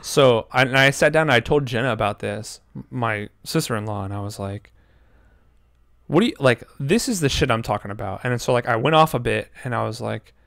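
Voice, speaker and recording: Gravelly-voiced man in his twenties. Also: mid-range voice, a little fast, dry recording, studio quality. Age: 20s. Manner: animated storytelling with voiced quotes and frequent swearing. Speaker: podcast co-host. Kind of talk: casual chat.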